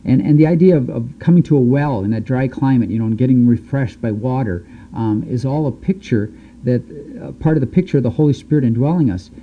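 A man teaching through a Bible passage, reading the verses aloud and then explaining them in loose, halting speech with fillers. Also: medium pitch. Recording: dull, lo-fi recording.

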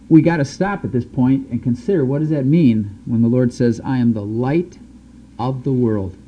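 A man preaches a sermon with a very dark, mellow voice. He talks in a relaxed, conversational way, pausing on fillers and restarting his phrases. The sound is dull and lo-fi, with a faint hiss behind him. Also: mid-range voice. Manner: conversational, many fillers and restarts, chuckles now and then. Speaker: pastor.

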